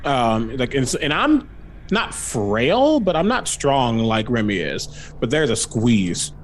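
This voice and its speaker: A man's voice: takes it slowly, a little hiss or hum. A man playing a tabletop horror game who switches between hesitant questions and in-character speech. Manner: hesitant, with lively swoops of pitch. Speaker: player. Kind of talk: tabletop role-play, speaking in character.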